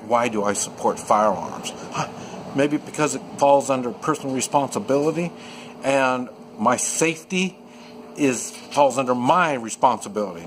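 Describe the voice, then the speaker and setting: A man's voice: mid-range voice, a bit bright, slight background noise, low-quality recording. Rambling man talking off the cuff. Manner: rambling, many restarts and fillers. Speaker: video commentator. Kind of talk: unscripted opinion monologue. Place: at home in the countryside.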